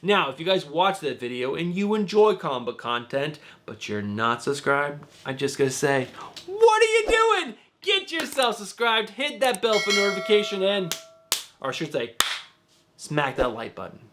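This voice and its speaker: A man's voice: a little high, lively intonation, moderate pace, a bit bright, a little hiss or hum. A man hosting a casual comic book vlog, talking to his viewers with gushing enthusiasm. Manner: addresses viewers as guys. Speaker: comic book channel host.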